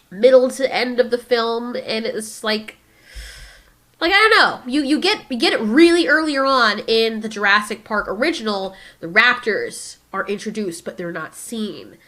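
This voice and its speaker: A woman's voice: fairly high pitch, measured pace. A woman hosting a casual, opinionated film discussion, acting out scenes as she goes. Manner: opinionated, animated, acts out dinosaur lines. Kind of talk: casual commentary.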